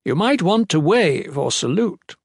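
A woman's voice: on the low side, sing-song, measured pace, darkish tone, slightly rough, no room sound, studio quality, pitched above the performer's own voice, full character voice. A man voicing a noblewoman and mother who teases while calling out over a crowd. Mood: teasing. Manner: teasing, raised over a crowd. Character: commanding noblewoman, a mother, teasing.

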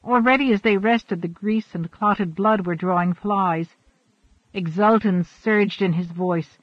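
A man narrating an audiobook in a steady, expressive storytelling manner. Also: high voice, unhurried, no room sound. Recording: dull, dry recording.

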